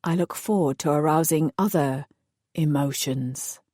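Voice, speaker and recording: Brief: woman voicing a flirty magical man, low, murmured, mellow, dry room. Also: unhurried, no echo. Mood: flirtatious. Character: wry, teasing adult man, a magical love interest.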